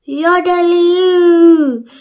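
A woman doing a cheerful yodeling man. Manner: loud, slow, high yodeling calls.

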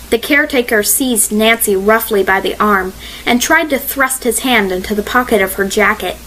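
A woman narrating a mystery audiobook in a measured, expressive reading style. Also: on the high side, a little hiss or hum, poor audio.

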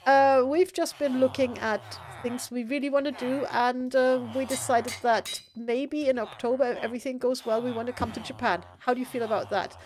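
Woman, fairly high voice, chatty, rambling, gaming stream host. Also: steady tone, moderate pace, few pauses, a little mellow. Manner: chatty, rambling with fillers and restarts. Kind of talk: casual gaming stream chat.

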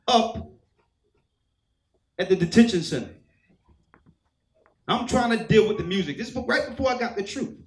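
High-voiced man preaching in an echoey hall. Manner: storytelling, acts out quoted voices. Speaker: church elder preaching. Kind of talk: sermon testimony.

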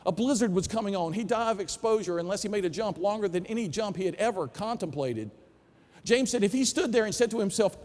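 A Southern US philosophy professor delivers a storytelling keynote in a large conference hall, animatedly acting out the dialogue in his tales. He talks fast in a high-pitched voice, and the room leaves a long reverb tail.

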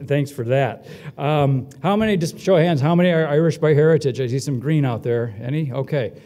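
A man warming up a crowd at a ceremony, breezy and self-deprecating, cracking jokes between announcements. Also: mid-range voice. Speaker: event emcee. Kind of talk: joking welcome speech. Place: hotel ballroom. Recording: long hall reverb.

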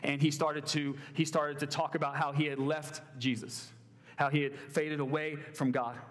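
A man's voice: fairly high pitch, little pitch movement, moderate pace, fairly bright tone. A young man preaching a sermon to a college group in a conversational way, with many fillers and restarts. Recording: long hall reverb.

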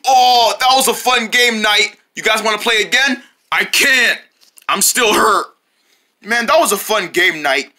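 A playful, excitable performer hosting and acting out a comedic game-night skit. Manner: playful, excitable, quick swings in pitch. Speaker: show host and skit performer.

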